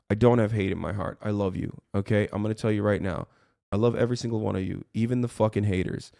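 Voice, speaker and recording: A man's voice: on the low side, steady tone, fast, vocal fry, dark tone, dry recording, studio quality. A man ranting on his livestream, heated and profane, rambling as he talks to his chat from his streaming room.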